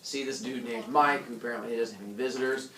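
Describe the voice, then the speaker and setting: A man's voice: medium pitch, steady tone, fast talker, crowd noise. A male teacher recapping a book with his class, quizzing students in a chatty way. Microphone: camera at a distance. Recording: echoey classroom, mic far off, students chattering.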